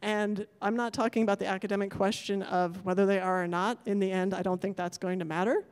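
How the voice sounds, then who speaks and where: A woman's voice: mid-range voice, steady tone, brisk, darkish tone, smooth. A woman addresses a conference audience from the stage, her voice carrying a long reverb through a large lecture hall. She talks in a thoughtful, searching way, restarting and reworking her sentences as she goes. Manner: thoughtful, self-correcting, apologetic about technical glitches. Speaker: conference speaker. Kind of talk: academic conference talk.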